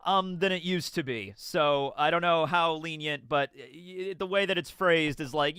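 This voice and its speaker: Excitable man reviewing a manga chapter. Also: normal speed, clean tone, no room sound, studio quality. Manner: rambling, excitable, laughs and swears, bursts into loud high outbursts. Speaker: anime and manga reaction host.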